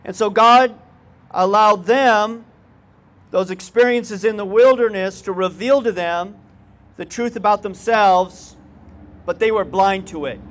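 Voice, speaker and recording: High-voiced male pastor preaching. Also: measured pace, fairly bright tone. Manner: conversational preaching with folksy asides. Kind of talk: sermon.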